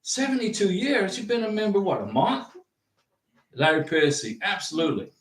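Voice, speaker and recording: A man hosting a livestream, chatting casually and reading out viewer comments in an animated, rambling way with many restarts. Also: high-pitched, normal speed, distant mic. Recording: roomy echo, from off the mic.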